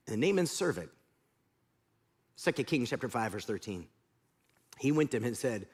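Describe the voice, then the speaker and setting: Animated male pastor preaching a sermon. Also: medium pitch, moderate pace, long pauses, husky. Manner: animated storytelling, acting out scenes.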